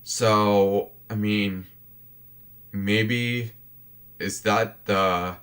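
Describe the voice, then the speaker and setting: A man voices his hero in a tabletop role-play session. He speaks slowly and haltingly, often stopping to restart a thought. His voice sits fairly low. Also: fairly even intonation, a bit bright. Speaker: player.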